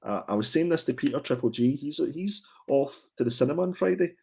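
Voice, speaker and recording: A man's voice: mid-range voice, animated, fairly quick, gravelly, dark tone, slight background noise. Chatty man hosting a stream. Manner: chatty, rambling, joking, with frequent fillers and restarts. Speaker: co-host of a comics show. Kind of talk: casual livestream chat.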